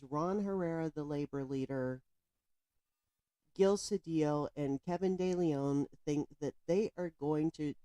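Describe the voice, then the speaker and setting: A woman's voice: low voice, dark tone, dry recording. A woman giving indignant, emphatic commentary on a news story, speaking straight to the viewer. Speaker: political commentator.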